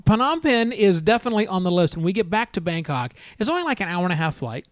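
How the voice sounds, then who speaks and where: A man's voice: sits high, big pitch swings, quick pace, no room sound. A man co-hosting a podcast, chatting casually with wry, joking remarks. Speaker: podcast co-host. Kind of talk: casual chat.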